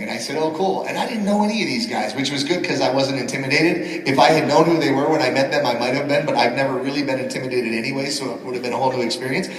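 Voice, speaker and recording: Fast-talking man telling stories on stage. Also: medium pitch. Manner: lively storyteller, slips into voices and impressions. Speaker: voice actor on a convention panel. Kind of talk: animated anecdote telling. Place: large convention hall. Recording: echoey hall, miked from far off. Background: audience laughter and crowd.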